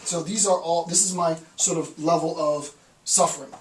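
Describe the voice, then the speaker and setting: A man with a fairly high voice lectures off the cuff, often tagging his points with "right?" and restarting sentences. He is heard from some distance in a roomy, echoing space, with a faint hiss underneath. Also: steady tone, normal speed. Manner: rambling, frequent "right?" tag questions, restarts. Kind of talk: informal recorded lecture.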